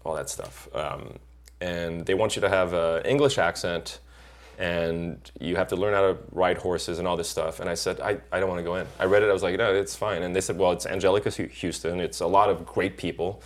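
A middle-aged actor in casual chat, telling lively stories and acting out the people he quotes. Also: low voice, a little fast. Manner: animated storyteller acting out quoted voices. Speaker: actor guest.

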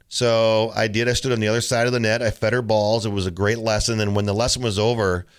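A man's voice: lowish voice, fast talker, few pauses. A middle-aged man hosting a tennis coaching podcast, talking casually and telling stories with mimicked quotes. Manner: relaxed storytelling with mimicked quotes. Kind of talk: casual solo podcast talk.

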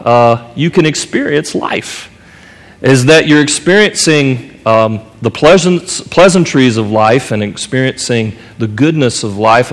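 A pastor from North Carolina preaching a sermon, telling a story earnestly and rising in pitch at the dramatic moments. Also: male voice. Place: church sanctuary. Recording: long reverb of a church hall.

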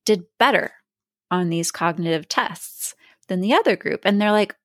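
Lively woman podcast host, dry close sound. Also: fairly low pitch, moderate pace, no echo. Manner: lively, animated storyteller. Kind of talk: casual podcast chat.

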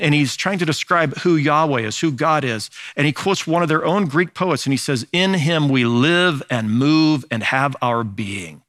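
Male pastor, mid-pitched, easygoing teaching sermon, fillers and restarts, dry sound. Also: a bit bright, no room sound. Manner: conversational teaching, frequent "uh" and repeated words.

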